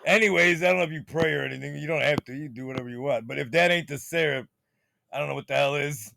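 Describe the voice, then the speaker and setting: A man's voice: on the high side, quick pace, vocal fry, bright, forceful tone, no echo, clean studio sound. A man hosting his own channel, rambling in casual, profane, conspiratorial commentary while showing things on his computer screen. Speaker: channel host.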